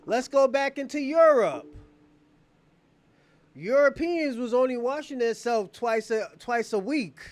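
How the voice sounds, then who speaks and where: A man's voice: very high-pitched, animated, measured pace. A man hosting a livestream, giving heated commentary and taunting viewers in a mocking way that often breaks into laughter. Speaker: livestream host.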